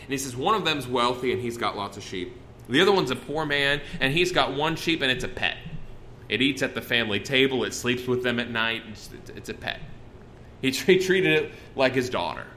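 A man's voice: mid-range voice, animated, a little fast, pushed and bright, slight background noise. A man preaching a sermon in a conversational, folksy way, often breaking off and restarting his sentences. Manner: conversational, folksy, with self-interruptions.

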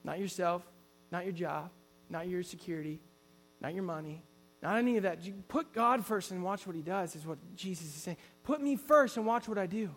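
Man, high voice, sermon, earnest storyteller, restarts mid-sentence. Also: normal speed, a bit bright, big-room sound. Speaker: preacher.

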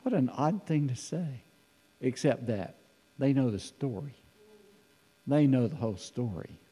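A man preaching a sermon in a conversational, animated way, acting out the voices in the scripture he reads. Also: mid-range voice, measured pace, breathy edge, in a large hall. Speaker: pastor.

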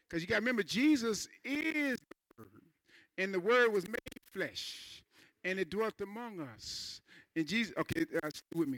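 High-voiced preacher man, bright and dry. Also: dry recording. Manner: call-and-response preaching, repeats phrases, swings from quiet asides to loud emphasis; folksy, says "man" and "ain't". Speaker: pastor. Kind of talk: sermon. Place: church sanctuary.

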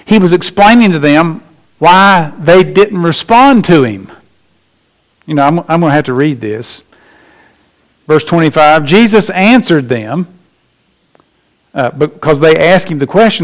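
A man preaching a sermon as pastor, emphatic, slowing down and rising in pitch to stress his points. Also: expressive.

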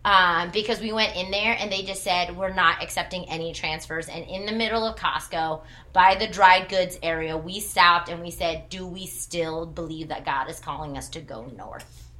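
A woman's voice: lowish voice, normal speed, sharp tone. A woman in her thirties who worked in church ministry, telling a personal testimony with earnest storytelling and quoted dialogue.

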